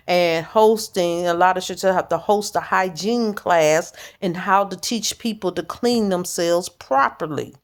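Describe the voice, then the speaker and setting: A woman's voice: medium pitch, measured pace, hardly any pauses. A woman church leader preaching informally in a blunt, direct, plain-spoken way.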